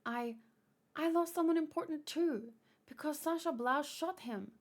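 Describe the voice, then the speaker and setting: A woman's voice: high voice, unhurried, voice pushed up. A woman voicing a defiant, vengeful young girl soldier in a manga read-aloud.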